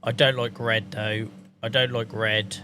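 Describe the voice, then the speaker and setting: A man's voice: lowish voice, little pitch movement, measured pace, sharp tone, a little hiss or hum. A man streaming a farming game, joking, swearing and chatting with his viewers. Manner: jokey, swears freely, talks to chat. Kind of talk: casual gameplay commentary.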